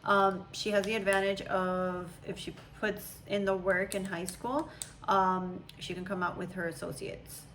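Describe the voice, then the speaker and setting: Young mother, casual home chat, rambling and animated, mid pitch, faint noise behind. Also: measured pace, low-quality recording. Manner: chatty, animated storytelling with imitations. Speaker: mother, channel host.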